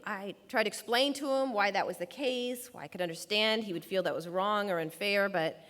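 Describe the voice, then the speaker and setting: A woman's voice: medium pitch, moderate pace, fairly bright tone. A woman giving a prepared talk, telling a personal story and acting out the voices of the people in it. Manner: storytelling, acts out quoted voices. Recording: long reverb of a large hall.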